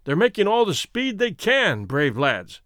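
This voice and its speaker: A proud, eager nobleman calls out across the woods, his voice swinging lively and high, as a male storyteller puts him on. It is recorded dry and close, like a narrated audio tale. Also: normal speed, no echo.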